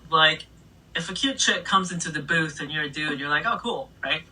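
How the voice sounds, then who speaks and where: A middle-aged woman DJ recounts her stories in an animated, casual way, cursing freely. Her voice is husky and breathy, and she sits a little back from the mic. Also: low-pitched, brisk. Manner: animated, swears freely, laughs between stories. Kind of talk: casual storytelling interview. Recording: voice a bit distant from the mic.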